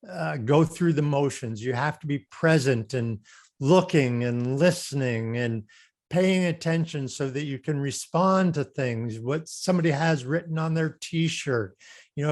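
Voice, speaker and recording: A man's voice: on the high side, darkish tone. Earnest middle-aged man, interview guest. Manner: earnest, repeats and restarts words. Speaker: guest, customer service speaker. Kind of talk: casual interview chat.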